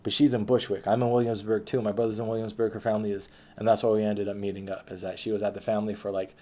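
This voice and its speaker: A man with a low, warm, mellow voice tells his life story in a loose, rambling monologue. He talks casually and swears freely, often restarting his sentences and leaning on fillers as he thinks aloud. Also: flat delivery, rapid-fire.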